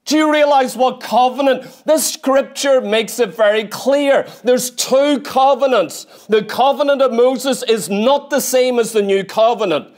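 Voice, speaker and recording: A man preaches a sermon in a church, his voice high for a man. He drives his points home emphatically, with repeated rhetorical questions and insistent repetition. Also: unhurried, hardly any pauses.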